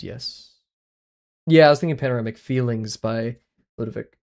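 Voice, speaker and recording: A man talks loosely to his stream chat as he paints, rambling and quick to poke fun at himself. His voice carries a gravelly fry. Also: medium pitch, darkish tone. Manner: chatty, rambling, self-deprecating. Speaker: livestreaming artist. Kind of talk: casual livestream chat while drawing.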